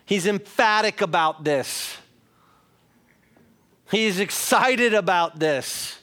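This middle-aged pastor's voice sits high and sounds sharp and expressive, though he preaches at a slow pace. Earnest throughout, he addresses listeners directly and sometimes becomes emphatic.

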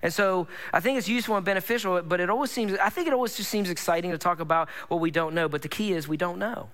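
A male pastor delivering a casual, enthusiastic sermon. His voice sits high and rings bright, and he talks to the congregation like friends. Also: quick pace. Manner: conversational, enthusiastic, addresses congregation as gang.

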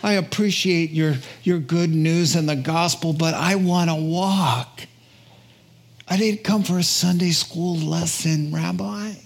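A man's voice: a little high, steady tone, takes it slowly, vocal fry, slightly rough, exaggerated voice. A man acting out a disappointed paralyzed man. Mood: pleading. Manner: pleading, complaining.

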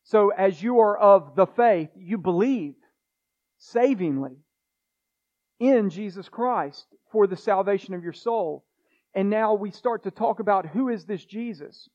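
A man's voice: high voice, lively intonation, a little slow, darkish tone, muffled recording. A man pastor preaching a sermon in an earnest way, repeating phrases and restarting himself as he presses his points.

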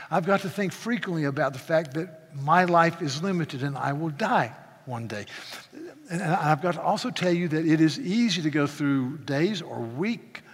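Passionate preacher man in a reverberant hall. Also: a little high. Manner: passionate, swings from soft to loud, stammering restarts. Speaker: pastor. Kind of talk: sermon.

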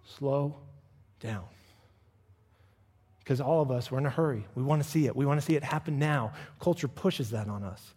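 Animated male preacher in a reverberant hall. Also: fast, few pauses, slightly rough. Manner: animated, acts out quoted voices with pitch swings. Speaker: pastor. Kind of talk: sermon. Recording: long reverb of a church hall.

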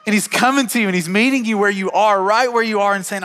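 A man's voice: high-pitched, quick pace, fairly bright tone, clear, resonant tone, long reverb tail. A man in his thirties preaching a sermon as a pastor, earnest and often repeating words as he talks.

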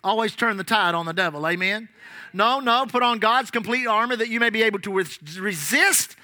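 High, bright-voiced male preacher. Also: a little fast, no echo. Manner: animated, repeats lines, calls out "amen". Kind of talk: sermon with storytelling.

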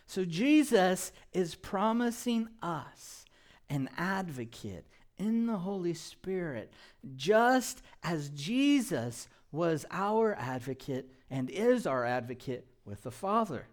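Male pastor delivering a sermon in a church. High, lively voice, slow deliberate pace, playful asides. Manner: animated preaching with call-and-response prompts; light humor, laughs at his own jokes.

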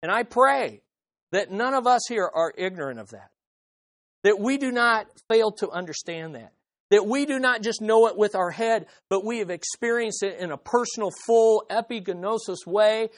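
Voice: medium pitch, lively intonation, moderate pace, no echo, studio quality. A preacher delivering a sermon with emphasis, repeating key phrases and asking the listeners rhetorical questions.

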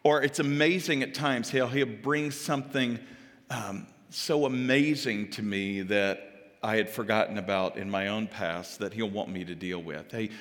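A male pastor preaching a sermon, animated and dramatic, swinging from loud exclamations to hushed asides. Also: on the low side, a little slow. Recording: echoey hall with long reverb.

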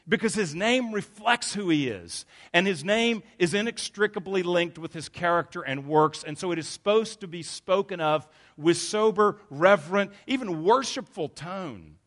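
A man's voice: fairly high pitch, fairly bright tone. A man preaching a sermon as pastor, earnest and emphatic, often stopping to correct himself.

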